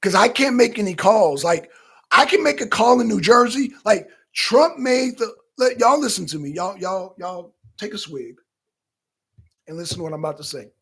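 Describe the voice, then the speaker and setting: Co-hosting a political talk show, a man with a fairly high, breathy voice talks at normal speed in a casual livestream. He's animated and profane, chatting directly to his viewers.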